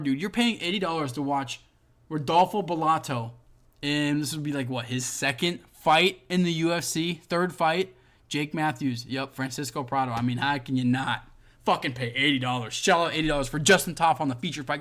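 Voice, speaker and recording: A man hosting a casual reaction video, reading fan comments and ranting with lots of swearing, swinging between mutters and loud outbursts. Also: on the high side, normal speed. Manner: profane, exasperated ranting.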